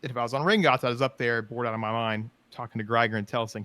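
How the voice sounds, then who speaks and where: A man hosting a podcast, telling animated stories in casual chat and acting out quotes. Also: medium pitch, fast. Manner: animated, laughing, acts out quotes. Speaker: podcast host.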